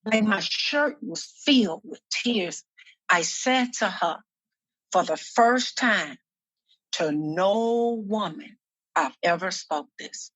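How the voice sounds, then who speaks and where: A woman minister and activist sharing her personal testimony in a podcast interview, speaking earnestly and slowly, often repeating herself as she gathers her thoughts. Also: medium pitch, lively intonation, a bit bright, dry recording.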